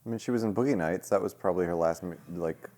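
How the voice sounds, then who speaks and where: A man co-hosting a casual movie-review podcast, joking around and slipping into quick silly impressions. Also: low-pitched, darkish tone. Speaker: podcast co-host.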